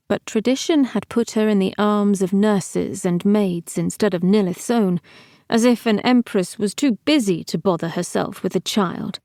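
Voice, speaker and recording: A woman reads a fantasy novel aloud in a steady, measured way. Her pace is slow and unhurried, her pitch sits in the middle, and the recording is dry with no room around her voice. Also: gravelly, dry recording. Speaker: audiobook narrator. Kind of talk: scripted narration.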